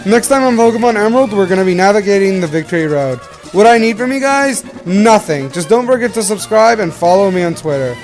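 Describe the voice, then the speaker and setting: A man's voice: sits high, animated, brisk, soft background music. A young man from Canada giving rambling, self-correcting commentary while hosting a game playthrough. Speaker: let's play host. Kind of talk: casual gameplay commentary.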